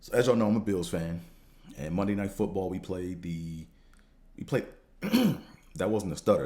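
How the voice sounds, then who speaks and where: A man hosting a podcast, talking in a casual, slangy, profane monologue that rambles and jumps higher when he gets fired up. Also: lively intonation, unhurried, long pauses, mellow. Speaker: podcast host.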